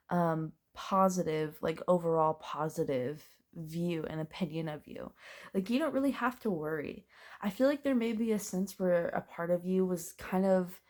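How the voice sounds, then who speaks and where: A woman's voice: lowish voice, a little mellow. Chatty woman reading tarot cards. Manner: chatty, thinks aloud, laughs and curses lightly. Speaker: tarot reader. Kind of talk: casual pick-a-pile tarot reading.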